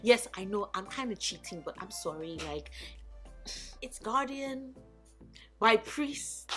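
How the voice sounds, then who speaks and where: A woman chatting casually in a vlog, animated and gushing, swearing freely. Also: medium pitch, takes it slowly, soft background music. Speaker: book YouTuber. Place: home in Lagos.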